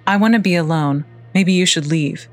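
A woman's voice: fairly low pitch, normal speed, faint music behind, close to an everyday voice. A woman reading a curt, tense mother. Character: troubled middle-aged mother on the run.

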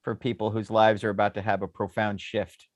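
A man's voice: fairly low pitch, a little fast, no echo. A man co-hosting a casual podcast chat, telling stories with lots of laughter. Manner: animated storyteller, laughs often. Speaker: podcast co-host.

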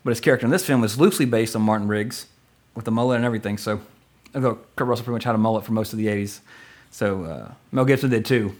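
Fast-talking rambling man. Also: lowish voice. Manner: rambling, excitable, joking. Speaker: podcast co-host. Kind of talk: casual movie podcast chat.

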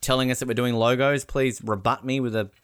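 A man hosting a casual podcast, jokey and quick to laugh. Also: mid-range voice, steady tone, clear, resonant tone, no echo. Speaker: podcast host.

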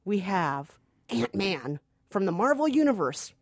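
A woman's voice: medium pitch, sing-song, unhurried, dry recording. Woman co-host of a movie chat, teasing, giggly, dry close sound. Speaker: culture producer, co-host. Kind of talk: casual chat.

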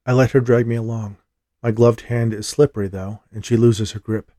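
A man giving a steady, measured first-person thriller narration as an audiobook reader. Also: medium pitch, dry recording, clean studio sound.

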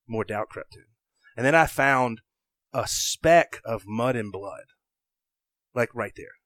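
Young Southern guy, excitable storyteller, mid-pitched voice, dry close mic. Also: slow pace, no room sound. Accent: Southern American. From American South. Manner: excitable, self-interrupting, acts out his own inner voice. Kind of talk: animated casual storytelling.

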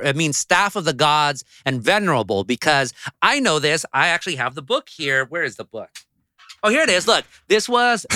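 An animated man guesting on a podcast, laughing often as he tells stories. His voice is bright and smooth, swinging up and down with a fairly high pitch. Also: no room sound, clean studio sound. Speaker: guest journalist. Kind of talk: casual chat.

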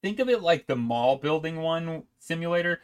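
A man's voice: fairly high pitch, expressive, moderate pace, clean tone. Rambling, laughing male gaming podcaster. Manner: rambling, laughing, self-interrupting. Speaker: podcast co-host. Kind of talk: casual gaming chat.

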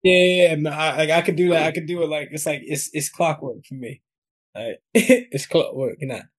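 A man with a New York accent chats as an interview guest in a relaxed, slangy way. His voice sits a little high for a man, and he laughs often between stories. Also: a little fast. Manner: laid-back slangy talk, laughs often. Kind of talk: casual interview chat.

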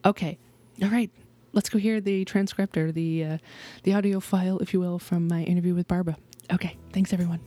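A woman's voice: on the low side, fairly even intonation, fairly quick, few pauses, warm tone. A woman in her thirties hosting her own podcast, talking in a chatty, bubbly way with many fillers. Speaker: podcast host. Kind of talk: casual podcast intro and interview.

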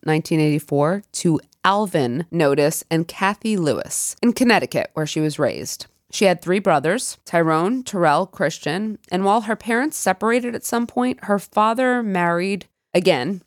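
A woman's voice: on the low side, dry recording, clean studio sound. A woman co-hosting a true crime podcast, chatting and laughing with her co-host, then narrating the case. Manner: giggly and chatty.

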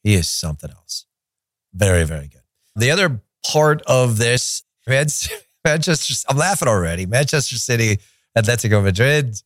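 A man's voice: medium pitch, sing-song, normal speed, fairly bright tone, no echo, studio quality. A man hosting a soccer podcast in a chatty, opinionated way, with joking rants. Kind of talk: casual solo commentary.

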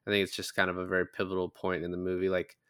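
Bright-toned man recapping a movie. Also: sits low, completely flat delivery, rapid-fire, clean tone. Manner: rambling, laughs while retelling scenes. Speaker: podcast co-host. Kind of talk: casual movie recap chat.

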